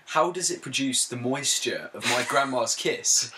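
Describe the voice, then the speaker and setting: A young man in a casual podcast chat, cracking deadpan jokes. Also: mid-range voice, unhurried. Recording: lively crowd noise behind.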